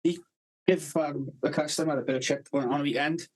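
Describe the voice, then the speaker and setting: A man's voice: fairly high pitch, fairly even intonation, brisk, a little mellow, low-quality recording. A man co-hosting a podcast, telling rambling work stories in casual chat and swearing constantly with a blunt, brash manner. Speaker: podcast co-host.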